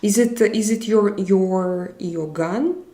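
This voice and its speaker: A woman hosting a live stream, chatting casually and reading viewer comments aloud in a halting, chatty way. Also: medium pitch, dark tone. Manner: halting, chatty, laughs often. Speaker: livestream host. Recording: roomy echo.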